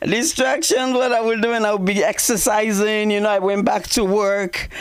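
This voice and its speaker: A man's voice: little pitch movement, moderate pace, clear, resonant tone, no echo. A man doing stand-up at an open mic, telling a personal story in a chatty way and often laughing. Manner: laughs often and breaks into high squeals.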